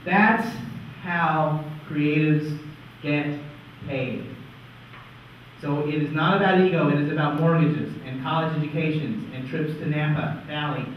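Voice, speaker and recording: A man's voice: a little high, unhurried, slight background noise. A man giving a conference talk in a wry, conversational way, often checking in with "right?". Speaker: conference presenter. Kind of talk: lively stage presentation. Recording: echoey hall, far-off dull mic.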